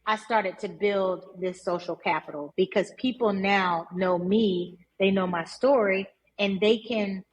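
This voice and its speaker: Lively, emphatic woman telling her story. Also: medium pitch, unhurried, hardly any pauses, a little hiss or hum, rough recording. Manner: lively, emphatic, repeats for stress. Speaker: entrepreneur guest. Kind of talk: casual interview storytelling.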